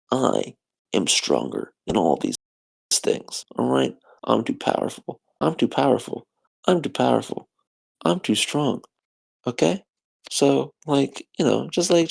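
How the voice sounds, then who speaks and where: A young man rambles alone on a podcast, sleepy and repetitive. His voice has a gravelly fry, sitting at an ordinary mid pitch for a man. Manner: sleepy, repetitive self-talk. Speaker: podcast co-host. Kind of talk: rambling solo monologue.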